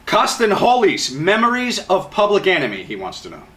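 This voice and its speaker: Brief: male interviewer, slightly high voice, reads fan questions, short prompts. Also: wildly swooping pitch, brisk, bright, forceful tone, a little hiss or hum.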